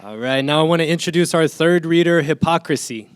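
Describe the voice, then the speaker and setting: A man hosting a poetry event, introducing the next reader in an upbeat, quick, casual way. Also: a little high. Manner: upbeat and quick, addresses the crowd directly.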